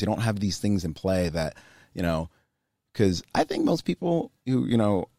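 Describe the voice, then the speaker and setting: A young man with a low voice talks frankly as an interview guest, his thoughts winding along with plenty of fillers. The sound is close and dry, with no room around it. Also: darkish tone, no echo. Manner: candid, rambling with many fillers. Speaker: guest, climbing business owner. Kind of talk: casual interview conversation.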